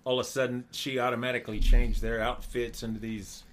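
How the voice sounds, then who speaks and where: A man's voice: medium pitch, fairly quick, a loud crowd. Man retelling film scenes in chat. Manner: retells scenes, quotes lines with animated voices. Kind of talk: casual movie chat.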